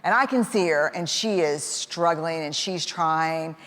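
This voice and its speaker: A woman's voice: low voice, unhurried, fairly bright tone. A woman telling a personal story about her family in a casual, chatty way, with lots of fillers and bits of laughter. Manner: acts out voices of family members in quotes. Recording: echoey hall with faint background noise.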